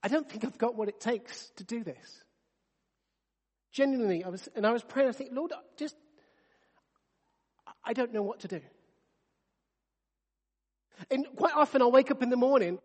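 A man's voice: extremely high pitch, a little mellow, in a large hall. A man in his thirties preaching a sermon, earnest and conversational, often restarting his sentences. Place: church.

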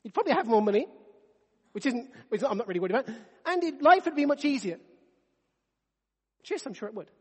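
A man's voice: very high-pitched, big pitch swings, fast, long pauses, a little mellow, breathy edge, long reverb tail. A man in his thirties preaching a sermon, earnest and conversational, often restarting his sentences. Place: church.

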